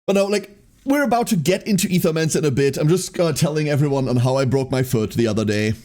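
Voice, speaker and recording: A man's voice: fairly high pitch, fast, a little mellow. A man streaming live, chatting casually with his chat, rambling and often breaking into laughter.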